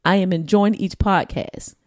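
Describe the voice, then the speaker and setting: A woman co-hosting a casual podcast, sassy and animated, laughing often as she reads a listener email. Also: lowish voice, a little slow, no room sound. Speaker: podcast co-host.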